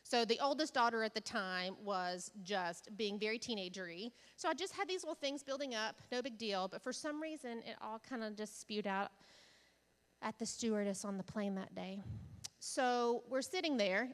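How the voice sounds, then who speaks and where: A woman's voice: a little high, lively intonation, normal speed. A woman giving a conference keynote, telling candid, funny stories and asking the audience questions. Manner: candid, humorous storytelling with audience asides. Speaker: keynote speaker. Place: large conference hall. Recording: hall reverb from a stage.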